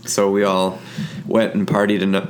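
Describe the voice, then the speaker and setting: Young man from ontario, lowish voice, casual rambling storyteller, swears. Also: monotone, normal speed, noisy background. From Ontario, Canada. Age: young adult. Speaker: podcast co-host. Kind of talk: casual podcast chat.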